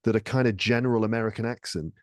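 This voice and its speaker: A man from England on a casual podcast, an animated storyteller who acts out quoted speech. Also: on the low side, fast, no echo, clean studio sound. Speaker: podcast guest, English teacher and comedian. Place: lives in France.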